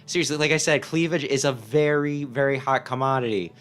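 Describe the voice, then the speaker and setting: A man's voice: mid-range voice, fairly quick, few pauses, fairly bright tone, faint music behind. A man casually playing a game on stream, reading its text aloud and reacting with wry, swearing asides. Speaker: let's-play gamer.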